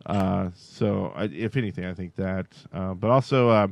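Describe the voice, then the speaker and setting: A man's voice: sits low, normal speed, creaky, no echo. A man co-hosting a podcast, chatting casually and rambling with lots of "like" fillers. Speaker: podcast co-host. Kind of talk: casual chat.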